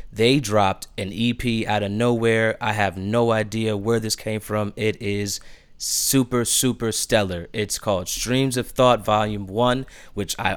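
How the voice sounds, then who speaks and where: A man hosting a podcast, gushing about new music in casual chat, stumbling over restarts in his excitement. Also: fairly low pitch, clear, resonant tone. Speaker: podcast host.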